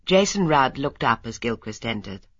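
Low, husky woman narrating a mystery. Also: big pitch swings, normal speed, a bit bright, dry recording, muffled recording. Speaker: audiobook narrator. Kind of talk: scripted narration.

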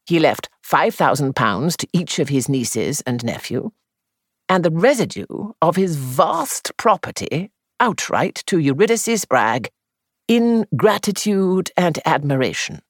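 Brief: male storyteller, expressive rising and falling delivery, dry close-miked sound. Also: a little high, dry recording. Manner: measured, composed first-person storytelling. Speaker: narrator. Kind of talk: audiobook narration.

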